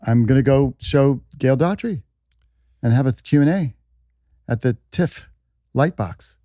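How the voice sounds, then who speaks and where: A man as a podcast guest, chatting casually with dry, deadpan humor. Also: mid-range voice, a little slow, dry recording. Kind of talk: casual chat.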